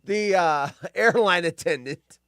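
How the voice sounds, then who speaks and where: A man's voice: high voice, slow pace, fairly bright tone, no echo, clean studio sound. A man hosting a casual livestream chat, prodding his guest with questions. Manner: prodding questions, chuckling interjections. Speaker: host.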